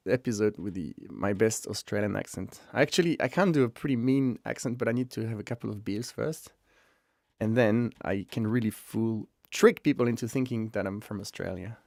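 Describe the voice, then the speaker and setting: A man's voice: mid-range voice, vocal fry, no room sound, clean studio sound. A man hosting a live stream from home, chatting casually and rambling with self-amused asides while he sets things up, speaking into a headset mic. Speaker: livestream host. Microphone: headphones with mic.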